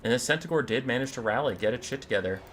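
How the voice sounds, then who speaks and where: A man giving animated, irreverent commentary and storytelling over a strategy game, swearing casually. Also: medium pitch, racing, slight background noise.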